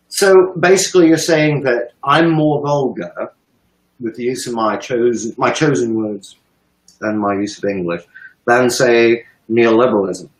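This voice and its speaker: A man's voice: medium pitch, unhurried, roomy sound, low-quality recording. A man in a profane, emphatic ranting monologue, swearing heavily to make his point. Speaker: commentator.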